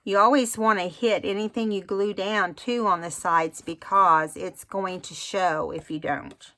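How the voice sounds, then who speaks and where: Woman, craft tutorial host, casual rambling talk, unhurried delivery. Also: mid-range voice, fairly even intonation, fairly bright tone. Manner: chatty, rambling, self-admittedly unhurried.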